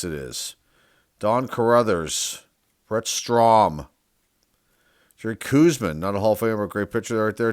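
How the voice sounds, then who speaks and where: On his own channel, this card-collecting host goes through names one at a time, thinking out loud in a casual way and occasionally stumbling over how to say them. He has a clean, slightly bright voice on the low side, recorded at studio quality with no echo.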